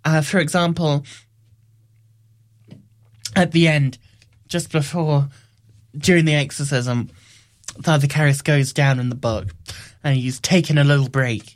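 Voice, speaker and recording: A man giving a casual spoken film review, rambling and wry, often correcting himself mid-sentence. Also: mid-range voice.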